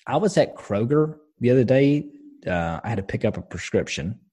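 A man's voice: medium pitch, sing-song, normal speed, dark tone, slightly rough. A man co-hosting a podcast in casual chat, blunt and passionate, swearing freely as he tells stories. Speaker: podcast co-host.

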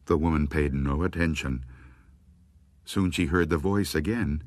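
A man reading scary stories aloud, slow and expressive. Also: deep voice, dry recording. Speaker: storyteller.

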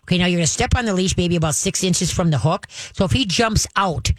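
A dog trainer gives an owner emphatic advice, walking through training steps and checking in often with "all right?" He acts out growls and firm commands in a mid-range pitch. The recording is dry and close, with no room sound.

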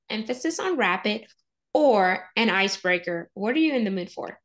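A woman's voice: medium pitch, animated, normal speed, a bit bright. A woman hosting a podcast interview, who introduces her guest with enthusiasm. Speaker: podcast host.

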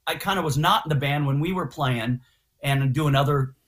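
A guitarist guest telling stories in a casual interview, slangy and animated, acting out what others said. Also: male voice, fairly high pitch, normal speed, over a noisy crowd. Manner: animated storyteller, slangy, acts out quotes. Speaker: guest musician.

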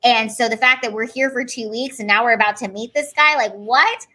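A woman's voice: fairly high pitch, fairly quick, husky. A woman comedian, a guest on an interview show, telling her stories casually and acting out what people said. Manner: animated, acts out quoted voices.

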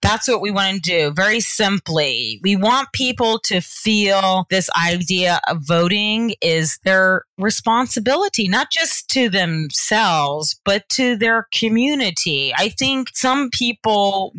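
Bright-voiced woman from Georgia, earnest. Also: medium pitch, no room sound, low-quality recording. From Georgia, US South. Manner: earnest, animated advocacy with quick asides. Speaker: political party organizer. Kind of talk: interview conversation.

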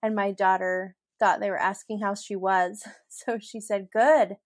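A woman's voice: medium pitch, steady tone, unhurried, no echo, studio quality. A middle-aged woman hosting a solo podcast, chatty and giggly as she tells stories and laughs through them. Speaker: podcast host. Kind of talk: casual solo podcast storytelling.

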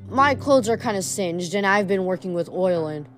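A woman's voice: medium pitch, expressive, soft background music, natural voice. A woman voicing a wisecracking, jumpy teenage boy mechanic in a read-aloud storybook. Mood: nervous. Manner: joking, fast-talking.

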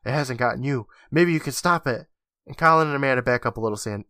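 A man's voice: medium pitch, fast, dry recording, clean studio sound. A man co-hosting a podcast, recapping an episode scene by scene and acting out the characters' lines. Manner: animated retelling, acting out lines. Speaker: podcast co-host.

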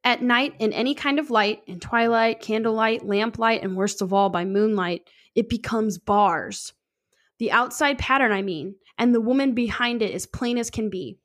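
A woman's voice: a little high, moderate pace. A woman podcast host reading a classic story aloud, stumbling over words and breaking off for cursing, joking asides.

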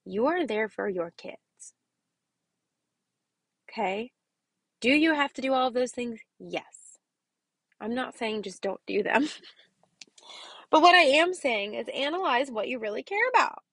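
A woman's voice: sits high, animated, normal speed, pauses often, a bit bright, no room sound. A woman who teaches kindergarten, hosting a casual motivational podcast and speaking emphatically, often checking in with "okay?" and dropping to a whisper to stress a point. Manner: emphatic, repeats "okay?" to the listener; drops to a whisper for key points.

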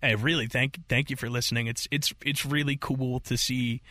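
A man's voice: medium pitch, steady tone, moderate pace, bright, forceful tone, dry recording. A man co-hosting a podcast in a studio, talking casually, rambling a bit and getting choked up. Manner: rambling, chokes up and gets emotional. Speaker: podcast co-host.

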